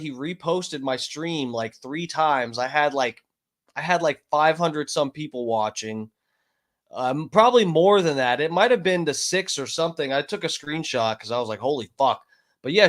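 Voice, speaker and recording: Profane, rambling man streaming from home. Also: on the high side. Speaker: livestream host. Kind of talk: casual livestream rant.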